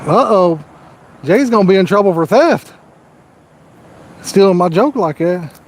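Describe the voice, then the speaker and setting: A man's voice: high-pitched, expressive, a little slow, pauses often, a little hiss or hum. A middle-aged man with a Southern US accent, hosting a fishing livestream outdoors by the water in a folksy, joking way. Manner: folksy, joking, corny one-liners. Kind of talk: casual live-stream chat.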